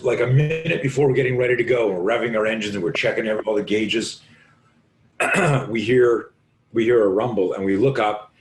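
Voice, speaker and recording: A man with a raw, hoarse voice, speaking as a podcast guest and self-defense instructor, telling a vivid, profane story and acting out the voices he quotes. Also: fairly low pitch, roomy sound. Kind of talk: animated storytelling in conversation.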